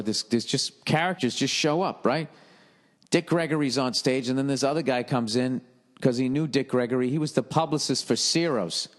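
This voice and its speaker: Low-voiced, profane rambling man. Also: in a large hall. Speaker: podcast host, comedian. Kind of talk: rambling solo podcast monologue.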